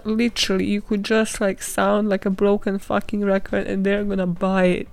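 A woman's voice: medium pitch, level tone, fairly quick, creaky, hardly any pauses, darkish tone, no room sound. A woman hosting a solo podcast, ranting bluntly in a rambling, sweary, casual way. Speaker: podcast host.

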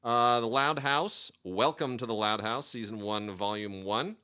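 A man reviewing new home video releases in a casual, rambling chat, with many filler pauses. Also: mid-range voice, pushed and bright, smooth.

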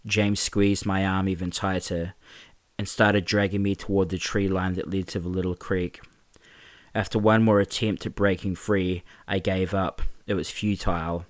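A man narrating a first-person story in a steady, plain storytelling manner. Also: sits low, moderate pace, no room sound.

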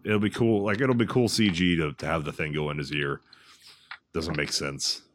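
A man's voice: extremely low pitch, animated, moderate pace, a bit bright, a little hiss or hum. A man co-hosting a podcast, chatting casually about a film in a blunt, crude way and often restarting his words. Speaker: podcast co-host.

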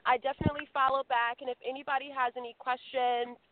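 A woman chatting as a guest caller on a radio show, easygoing and quick to laugh. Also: high voice, flat delivery. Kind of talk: casual phone chat. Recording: tinny phone line with crowd noise.

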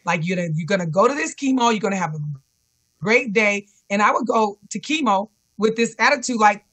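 A woman's voice: mid-range voice, fairly quick, fairly bright tone. A woman guest on a remote call telling an interviewer her personal story earnestly, often repeating encouraging self-talk. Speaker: guest, cancer survivor and fitness instructor. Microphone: remote call connection.

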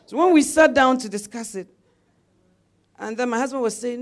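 A woman's voice: a little high, animated, moderate pace. A middle-aged woman preacher delivering a sermon, telling a personal story with laughter and calls of amen.

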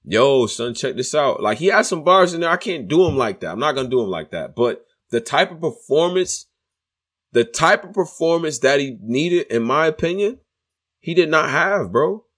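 A man's voice: on the high side, sing-song, moderate pace, fairly bright tone. A man co-hosting a casual chat about battle rap, laid-back and opinionated, talking in slang.

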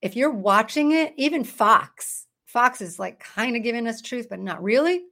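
Woman doing bible study on her phone, kinda high voice, chatty but punchy. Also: expressive, normal speed, bright, forceful tone. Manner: chatty and emphatic, breaks into laughs and mock voices. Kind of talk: casual preaching to camera.

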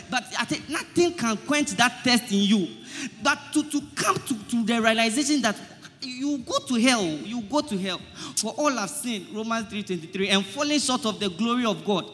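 A man's voice: very high-pitched, expressive, normal speed, hardly any pauses, fairly bright tone, in a large hall, soft background music. A man, preaching to his friends in a comedy skit, pleading, stammering over his words and quoting scripture. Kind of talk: comic street-style preaching.

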